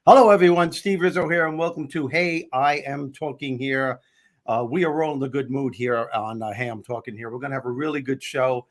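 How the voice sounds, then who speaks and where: A man's voice: mid-range voice, steady tone, brisk. A man hosting a live comedic talk show, upbeat and bantering with his co-hosts and viewers. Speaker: host. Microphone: headset.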